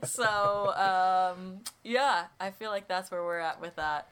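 An American woman co-hosting a podcast in casual chat, quick to laugh. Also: lowish voice, a bit bright, a little hiss or hum. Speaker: podcast co-host.

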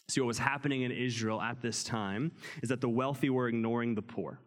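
A man preaching to a congregation in a large hall with a long reverb. He reads scripture, then explains it in an animated, conversational way, with a mid-range voice. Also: mid-range voice, brisk. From United States. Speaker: pastor. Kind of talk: sermon.

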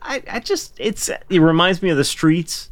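A man's voice: high-pitched, very animated, normal speed. A man co-hosting a podcast in casual chat, enthusiastic and often stumbling over his words. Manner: enthusiastic, stammers and restarts. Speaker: podcast co-host.

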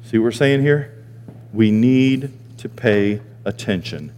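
Older pastor preaching in a reverberant hall. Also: male voice, lively intonation, slow pace, a little mellow. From Maine. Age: 60s. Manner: storytelling, jumps into high squeaky voices for quoted people. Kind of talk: sermon. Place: church sanctuary.

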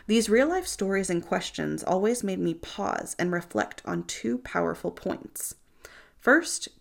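A woman's voice: on the low side, creaky. A woman narrating a nonfiction audiobook in the first person, earnest and reflective.

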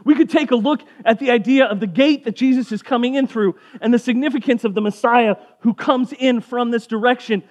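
A man's voice: very high-pitched, brisk, hardly any pauses, a little mellow, dull audio. A man giving a casual sermon as a pastor, conversational and jokey, briefly acting out voices of people in the story.

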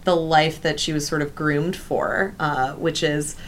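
A woman's voice: sits low, steady tone, measured pace, a little hiss or hum. Woman analysing film characters casually. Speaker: podcast co-host. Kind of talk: casual chat.

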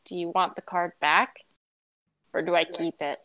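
A woman's voice: on the low side, fairly even intonation, moderate pace, highs cut off, voice pushed down, close to an everyday voice. A woman voicing a scrawny thirteen-year-old boy who tries hard to seem powerful, speaking in an eager, stiffly formal way. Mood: cautious.

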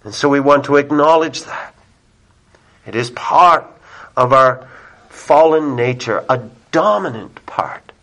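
A man's voice: medium pitch, slow, a bit bright, low-quality recording. A male pastor preaching a sermon, emphatic, with repeated words and rhetorical questions.

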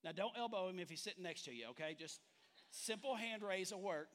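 A man's voice: sits high, brisk, a bit bright. A male pastor preaching a sermon in a church sanctuary, talking conversationally and drawing the congregation in with questions and jokes.

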